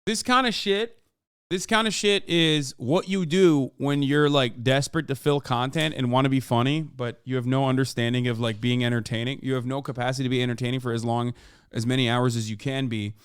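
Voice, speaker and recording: A man's voice: medium pitch, steady tone, a little fast, clean tone, no room sound. Swearing man in his thirties, dry close mic. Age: 30s. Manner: rambling, swearing, many fillers and restarts, bursts of loud exasperation. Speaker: streamer and political commentator. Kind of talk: casual reaction-stream commentary.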